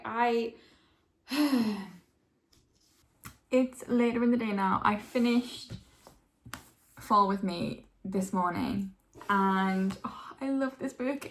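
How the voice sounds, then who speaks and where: A young woman chatting to camera about books she is reading. She gushes with feeling and says "like" a lot. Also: fairly high pitch. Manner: gushing and emotional, often saying "like". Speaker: book vlogger. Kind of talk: casual reading vlog. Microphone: camera mic. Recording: roomy echo.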